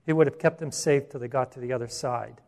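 A man preaching a sermon as pastor, earnest, restarting phrases and slowing down for emphasis. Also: mid-range voice, creaky, a little mellow.

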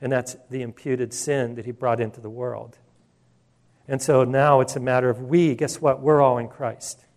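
A man's voice: mid-range voice, fairly even intonation, normal speed, darkish tone. A male pastor preaching a sermon in an emphatic, conversational way, with asides and restarts.

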